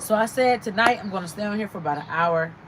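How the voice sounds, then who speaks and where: A woman's voice: medium pitch, fast talker, heavy background noise. A woman hosting a casual livestream, chatting and reading out viewer comments. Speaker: livestream host.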